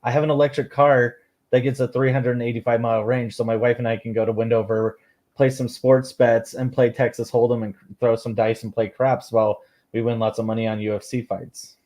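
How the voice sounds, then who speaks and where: A man hosting a podcast in a loose, casual chat. He rambles along, stacking up "like" and "you know" as he thinks out loud. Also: mid-range voice, flat delivery, brisk. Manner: rambling, heavy with "like" fillers. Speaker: podcast host.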